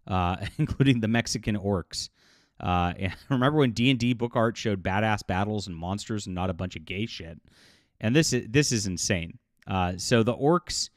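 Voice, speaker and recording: A man talks straight to his audience in a loose, mocking commentary, scoffing and chuckling as he goes. His voice sits on the low side, and the sound is dry and close with no room around it. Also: dry recording. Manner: scornful, mocking, laughs often, many fillers. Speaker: YouTube commentator. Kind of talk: casual commentary vlog.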